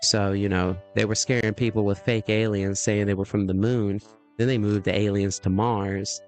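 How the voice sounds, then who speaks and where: A man streaming a video game, rambling and joking in casual live chat, chuckling and clearing his throat often. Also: lowish voice, flat delivery, normal speed, soft background music.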